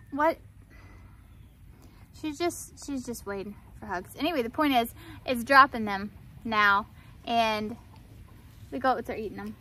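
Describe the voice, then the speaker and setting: A farm vlogger chats casually while coaxing her animals outside, her voice on the high side, pushed and bright. The outdoor recording has faint background noise, with farm animals and outdoor ambience behind her.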